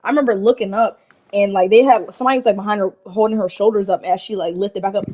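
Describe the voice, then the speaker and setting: A young woman co-hosting a podcast, telling a party story in a casual, animated way, full of slang and swearing. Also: mid-range voice, fast, dull audio, a little hiss or hum. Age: young adult. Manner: animated, slangy, heavy swearing, lots of "like" and "bro". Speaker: podcast co-host.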